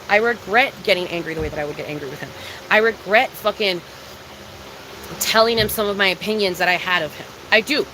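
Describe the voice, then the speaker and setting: A woman's voice: lowish voice, noisy background. A young woman talking to her live-stream viewers in a casual, confessional way, emphatic and full of swearing and repetition. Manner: confessional and emphatic, heavy swearing, repeats herself. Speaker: livestreamer.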